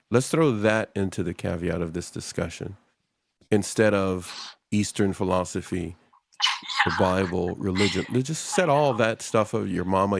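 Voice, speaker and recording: A man's voice: sits low, gravelly, a little hiss or hum. A man hosting a casual talk show, rambling and speaking straight to his audience. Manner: rambling, addresses the audience directly. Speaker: host.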